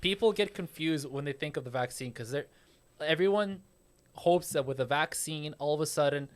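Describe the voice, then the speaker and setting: A man's voice: fairly high pitch, moderate pace. A man co-hosting a podcast in casual chat, explaining things emphatically and swearing a lot. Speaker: podcast co-host.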